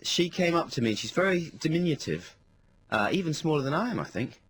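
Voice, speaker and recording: A husky-voiced English man co-hosting a radio show from the studio. He spins a wry, self-mocking anecdote in loose, casual banter. His delivery has a slightly rough, breathy edge. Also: on the high side, sing-song, brisk, fairly bright tone.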